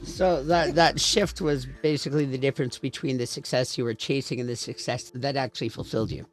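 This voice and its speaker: A man hosts a casual podcast interview, asking questions and calmly summing up what his guest means. Faint music sits behind his voice. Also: mid-range voice, brisk. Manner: reflective, summarizing questions. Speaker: podcast host.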